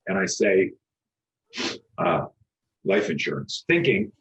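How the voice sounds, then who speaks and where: A middle-aged man with a low voice tells a story with animated energy. He acts out both sides of a conversation and restarts his sentences often. He talks as a self-defense instructor who is a guest on the show. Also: slow, creaky, highs cut off. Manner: animated, acts out quoted dialogue, frequent restarts, swears.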